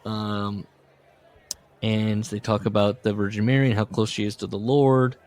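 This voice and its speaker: A man hosting a casual podcast book discussion, recapping and reading passages with lively put-on voices. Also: lowish voice, normal speed. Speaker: podcast host.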